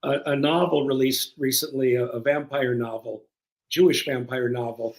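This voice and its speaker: An older man speaking as a guest in a casual interview, relaxed with dry humor. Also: mid-range voice, moderate pace, rough recording. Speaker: guest filmmaker.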